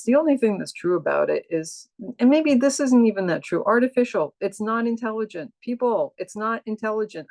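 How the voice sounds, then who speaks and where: A woman's voice: mid-range voice, vocal fry, darkish tone, dry recording. An older woman, a coach, talking casually about AI in a chatty, emphatic way with exclamations and asides. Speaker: coach and speaker on AI. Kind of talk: casual monologue.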